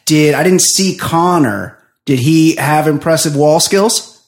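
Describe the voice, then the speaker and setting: A man co-hosting a podcast in casual chat, animated and jokey, swearing freely as he speculates. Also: on the high side, slow pace. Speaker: podcast co-host.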